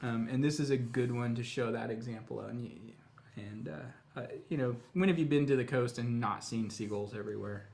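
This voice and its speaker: A man teaching a live painting tutorial, explaining each step in a relaxed, chatty way. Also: medium pitch, moderate pace, creaky. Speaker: painting instructor.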